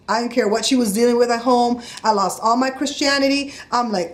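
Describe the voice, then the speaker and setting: Speaking a little high and fairly quickly, this middle-aged woman recounts a story in a casual vlog. She gets heated and animated as she performs the voices of the people involved.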